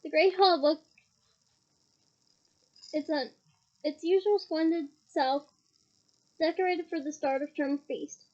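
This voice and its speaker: A woman's voice: high-pitched, steady tone, slow, pauses often, darkish tone, dull audio. A woman reading a novel aloud expressively, with small slips and asides. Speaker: reader.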